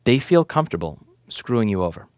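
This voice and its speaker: Man, lower voice, swinging wildly in pitch, indignant, rhetorical questions, swearing, dry close sound. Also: big pitch swings, quick pace, no room sound. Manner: impassioned, indignant, swears for emphasis; rhetorical questions, hammering repetition. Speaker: repair shop owner and right-to-repair advocate. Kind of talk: direct-to-camera commentary rant.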